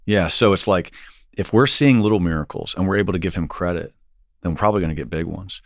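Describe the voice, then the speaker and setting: A man's voice: deep voice, fast talker, no room sound, studio quality. A man hosting a podcast, thinking aloud in casual talk and often restarting his sentences. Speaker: podcast host.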